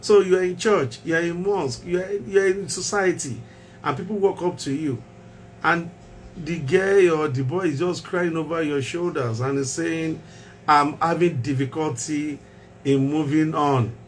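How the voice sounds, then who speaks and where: A man's voice: a little high, normal speed, a little hiss or hum. Emphatic male mental health show host. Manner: emphatic, repeats key phrases, rhetorical questions.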